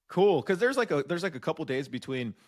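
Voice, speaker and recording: A man's voice: fairly high pitch, very animated, fast talker. A man hosting a podcast, telling barracks stories animatedly and swearing freely. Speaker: podcast host. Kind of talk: casual conversation, storytelling.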